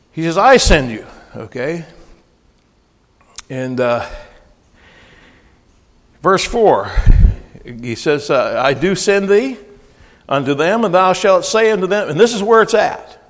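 Preacher guy, folksy and fired up, kinda high voice, long hall echo. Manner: emphatic, rises to near-shouting on scripture; folksy, with frequent restarts and asides. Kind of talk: sermon.

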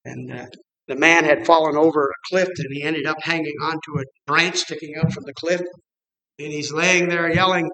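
A middle-aged man preaching with an animated delivery, his voice high and bright. He often acts out the people he quotes and chuckles between points. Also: normal speed, low-quality recording. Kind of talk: sermon.

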